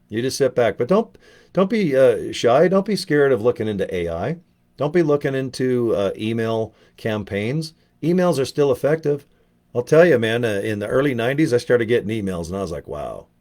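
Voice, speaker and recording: A man's voice: medium pitch, a little mellow. A middle-aged man promoting network marketing in a casual motivational video, talking in a loose, rambling way with frequent swearing and restarts.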